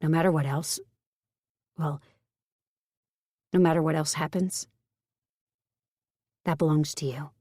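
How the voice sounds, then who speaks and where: A woman voicing an earnest, tender young man speaking quietly to the woman he loves. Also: sits low, steady tone, takes it slowly, long pauses, no room sound, clean studio sound.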